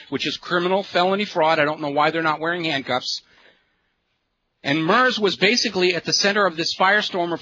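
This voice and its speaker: A man's voice: high voice, bright, forceful tone. A middle-aged man hosting a political talk radio show, ranting in an impassioned way. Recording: lo-fi radio broadcast with faint noise.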